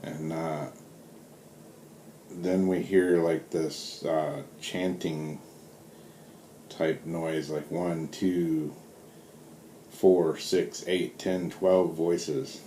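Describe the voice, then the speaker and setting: A very low, mellow male voice with a Southern US drawl, unhurried and rambling with plenty of ums and uhs. He sounds middle-aged and speaks casually to his viewers. The room is echoey, with a faint hiss behind him. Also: fairly even intonation. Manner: laid-back, rambling, full of fillers. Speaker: vlogger. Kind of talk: casual storytelling vlog. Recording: roomy with faint background hiss.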